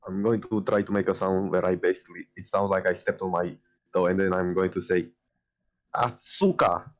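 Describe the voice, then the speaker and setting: A man playing in a tabletop role-playing game, calmly describing what his character does. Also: sits low, quick pace, muffled recording. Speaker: player. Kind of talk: casual tabletop play.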